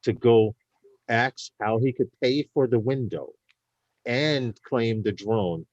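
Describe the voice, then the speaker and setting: A man's voice: mid-range voice, slow, darkish tone, no room sound, muffled recording. A man co-hosting a casual live talk show, telling stories in a chatty way. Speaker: co-host.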